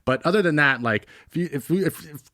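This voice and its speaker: A man co-hosting a comedy podcast, jokey and quick to laugh. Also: a little high, fairly bright tone, no room sound, studio quality. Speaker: podcast co-host. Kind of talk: casual chat.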